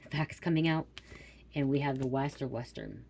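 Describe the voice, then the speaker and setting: A woman's voice: very deep voice, moderate pace, darkish tone, a little hiss or hum. A woman giving a psychic reading to her viewers from home, talking in a repetitive, stream-of-consciousness way and calling out names as they come to her. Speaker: psychic card reader.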